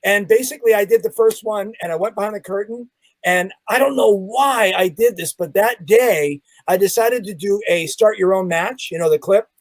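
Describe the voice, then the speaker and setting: A man's voice: sits high, normal speed, no room sound, rough recording. A man, a magician guest, telling a story in a casual chat and acting out the sounds and the people in it. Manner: animated, acts out sounds and quotes.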